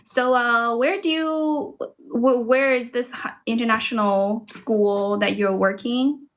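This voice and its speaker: A woman's voice: on the high side, fairly even intonation, takes it slowly. A woman from China speaking English with a Chinese accent, an online English teacher chatting casually and laughing often. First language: Mandarin. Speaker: online English teacher and live-stream host. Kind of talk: casual English practice chat.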